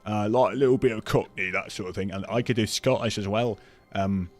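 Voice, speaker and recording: A man's voice: lowish voice, a little fast, soft background music. A young Dutch man with a British accent, chatting casually as he streams a game, reacting and laughing. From Netherlands. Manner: chatty, reactive, laughing asides, many ums. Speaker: livestreamer. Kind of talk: casual gameplay commentary.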